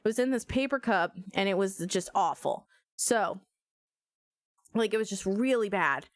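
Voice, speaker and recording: A young adult woman streamer telling a story in a casual, animated way while playing a game. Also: mid-range voice, normal speed, no echo, studio quality. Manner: animated, swearing, laughing storyteller.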